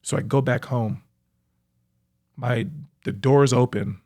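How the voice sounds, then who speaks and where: A young man, a professional athlete, reflectively recounting his own life story in a halting way, with frequent fillers. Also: mid-range voice, a little mellow. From United States. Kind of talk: personal storytelling.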